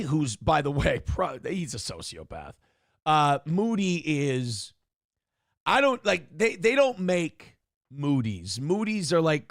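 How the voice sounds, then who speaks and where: Brief: smug male host, slightly high voice, dry close sound, taunting rant. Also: no room sound. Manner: snarky and smug; mocking, taunting asides. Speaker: streamer host. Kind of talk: casual ranting commentary.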